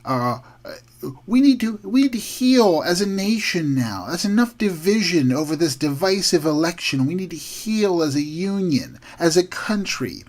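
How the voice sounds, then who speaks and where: A man's voice: high-pitched, sing-song, normal speed, darkish tone. A man doing a mocking impression of a politician calling for unity, in a solemn, preachy tone.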